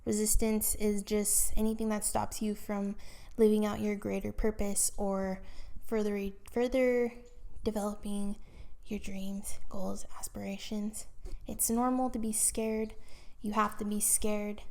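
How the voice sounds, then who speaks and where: A woman's voice: medium pitch, gravelly, darkish tone. A woman hosting a casual solo podcast about a book, chatting and thinking aloud with fillers, in a room at home with posters on the wall. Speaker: podcast host. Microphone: handheld microphone carried around.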